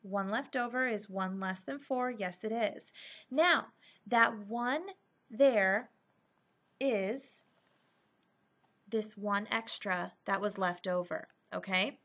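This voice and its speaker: A woman teaching a recorded math lesson, patiently checking in with frequent "okay?" and slowing down to stress key terms. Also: medium pitch, a bit bright.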